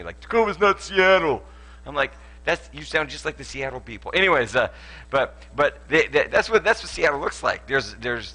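In a church auditorium, a pastor with a medium-pitched voice, pushed and bright, gives a playful sermon that includes a live demonstration. He jokes and laughs often and restarts a lot, and the recording quality is low.

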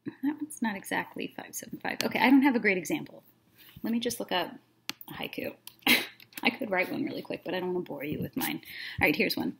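A woman teacher reading a children's book aloud, then talking through a lesson in a friendly, relaxed way with plenty of fillers. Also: on the low side, fairly quick, vocal fry.

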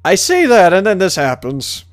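Man, let's player, casual commentary, frequent laughs, swearing, frustrated yells, animated pitch. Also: moderate pace, faint music behind. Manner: laughs often, swears, loud frustrated outbursts.

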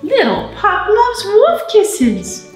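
A woman leading a library storytime for babies, reading a picture book slowly and in a sing-song way and talking straight to the little ones. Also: very high-pitched, huge pitch swings, echoey room, soft background music. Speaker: children's librarian. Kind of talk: baby storytime reading and singing. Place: library room.

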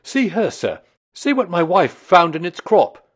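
A man reading aloud voices an excited, working-class male commissionaire who blurts out his news. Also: medium pitch, normal speed, husky. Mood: agitated. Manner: breathless, loud exclamations.

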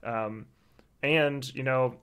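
A male podcast co-host explaining things in casual chat. He keeps a relaxed, easygoing manner and uses plenty of fillers. His voice sits at a middling pitch. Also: extremely slow, smooth.

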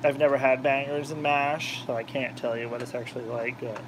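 A man's voice: medium pitch, completely flat delivery, brisk, noisy background. A man hosting a cooking video from his home kitchen, chatting casually and rambling off topic while he cooks. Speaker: cooking vlogger, channel host. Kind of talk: casual chat while cooking, reading viewer comments.

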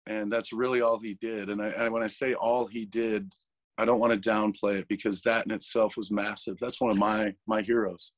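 Male interview guest, low voice, dry close sound, candid and emotional, swears a lot. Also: flat delivery, normal speed, no echo. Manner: emotional, swearing, restarts words. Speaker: interview guest, metal vocalist.

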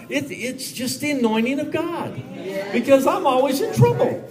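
A man's voice: very high voice, moderate pace, a crowd in the background. Male conference preacher, playful and fiery, congregation audible behind him. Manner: lively and joking, laughs often, builds to shouted prayer. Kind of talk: live charismatic sermon. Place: large church conference hall. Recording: live hall with audible congregation. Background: congregation calling out amens.

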